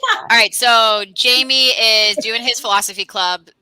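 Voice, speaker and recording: A high-voiced woman rambles through an improvised comic story, crude and animated. Her tone is very bright and ringing, heard over a video call. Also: unhurried, clean tone, rough recording. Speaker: comedian contestant.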